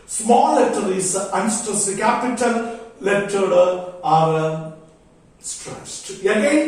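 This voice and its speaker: A man teaching a poetry lesson on meter, sounding out syllables slowly and deliberately. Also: high-pitched. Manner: slow, deliberate, drawn-out syllables. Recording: echoey room, voice from far off.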